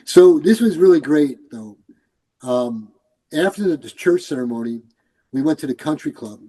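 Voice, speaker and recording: An older New Yorker, a retired police commander, tells stories in a casual interview, animatedly acting out the voices of the people involved. His voice is on the high side at a moderate pace, and the recording quality is low.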